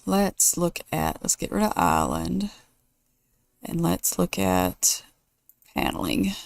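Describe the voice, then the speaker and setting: A woman's voice: low-pitched, wildly swooping pitch, slow pace, gravelly, dry recording. A woman hosting a casual let's play, thinking aloud and weighing choices as she builds. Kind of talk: casual gameplay commentary.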